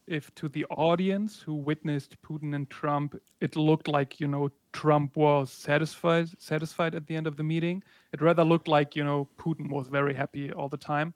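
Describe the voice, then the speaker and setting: A man's voice: a little high, no echo. Hesitant male interviewer, dry sound. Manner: hesitant, many ums and restarts. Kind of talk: casual conversation.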